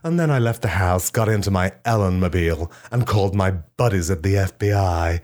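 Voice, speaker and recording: Male comic, low voice; deadpan absurd monologue with shrill outbursts. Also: normal speed. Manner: deadpan storytelling with shrill shouted quotes. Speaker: comedian.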